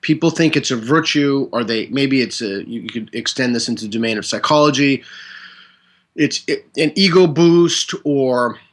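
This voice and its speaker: A man with a medium-pitched voice, speaking as a guest in a relaxed interview. He lays out his points through step-by-step examples and often interrupts his own line of thought. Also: normal speed. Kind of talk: conversational interview.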